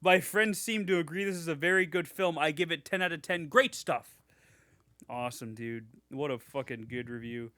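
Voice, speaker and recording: A man's voice: on the high side, normal speed, sharp tone, no echo, studio quality. A young man co-hosting a podcast, reading fan reviews aloud in a mock-enthusiastic way, swearing casually. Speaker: podcast co-host.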